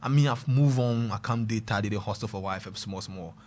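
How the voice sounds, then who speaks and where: A young man with a Ghanaian accent, casually telling a personal story, mixing pidgin and local words and swinging between loud and quiet. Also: lowish voice, brisk, slight background noise.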